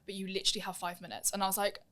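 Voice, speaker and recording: A woman's voice: mid-range voice, level tone, rapid-fire, bright, forceful tone. A young woman telling stories in a casual interview, acting out the voices of people she quotes. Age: young adult. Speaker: guest, musical theatre performer.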